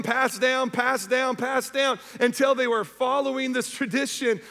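A man preaching an Easter sermon, conversational and energetic, asking the congregation if they are with him. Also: high voice. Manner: energetic, conversational, calls to the audience. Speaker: pastor. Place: church auditorium. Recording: long reverb of a church.

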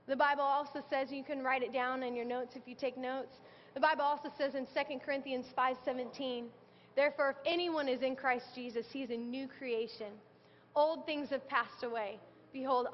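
A woman's voice: sits high, fairly even intonation, normal speed, a little hiss or hum. A woman in her thirties giving an earnest, conversational sermon, telling her testimony and quoting scripture. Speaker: speaker sharing testimony. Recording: dull sound with long hall reverb.

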